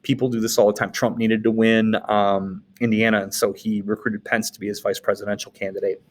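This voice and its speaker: A man's voice: on the low side, flat delivery, brisk. A man from Wisconsin, a teacher, recapping the day's lesson in a casual way, with joking asides and frequent "okay?" check-ins. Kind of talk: recorded class recap lecture.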